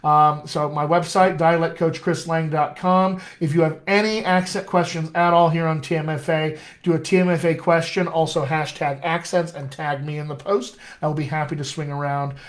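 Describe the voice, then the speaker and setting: A man who is a dialect coach giving an enthusiastic live acting lesson, talking straight to viewers and slowing down to read verse aloud. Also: a little high, little pitch movement. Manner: enthusiastic, direct, addresses viewers as friends. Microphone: webcam or laptop mic on a live stream.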